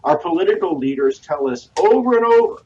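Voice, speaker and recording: A man answers as a guest historian on a radio interview, his voice sitting fairly high for a man. He lectures in a measured way, stringing long lists together with frequent "uh" pauses. The audio sounds dull and lo-fi, and he seems set back from the mic. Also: animated, darkish tone, distant mic.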